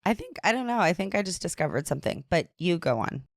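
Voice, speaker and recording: A woman's voice: fairly low pitch, sing-song, no room sound, clean studio sound. A woman co-hosting a podcast, jumping in with irreverent jokes and swearing in casual chat. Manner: joking, irreverent, quick to laugh, swears. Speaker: podcast co-host.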